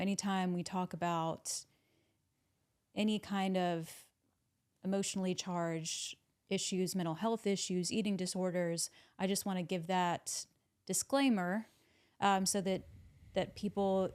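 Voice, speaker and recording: A woman physician hosting a podcast, speaking in a measured, conversational way. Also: lowish voice, a little mellow, smooth.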